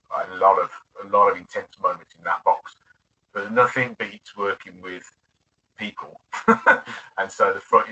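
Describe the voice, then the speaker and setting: This interview guest, a UK man who used to tend bar, has a deep, sharp, slightly rough voice. The recording is distant, dull and lo-fi, and he's chatty and laughs often while reminiscing, with frequent restarts.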